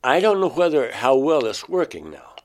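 This painter's medium-pitched voice swoops wildly as he relates a strange personal experience in an interview. He halts and restarts mid-phrase, and his pitch climbs sharply when he quotes his own words.

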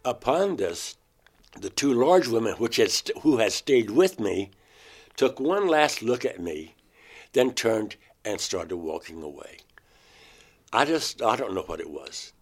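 A man's voice: fairly low pitch, very animated, unhurried. A man being interviewed, earnestly telling a first-person story and acting out his own past words. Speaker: interview guest. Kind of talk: first-person account of an abduction experience.

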